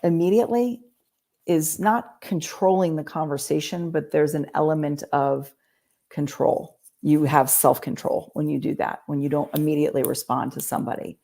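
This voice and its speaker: A woman talking through communication skills on a podcast, teaching in a lively way and acting out quoted lines. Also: low voice, normal speed, vocal fry. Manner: animated teaching, acts out quoted voices. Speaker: real estate agent. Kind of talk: podcast conversation, coaching.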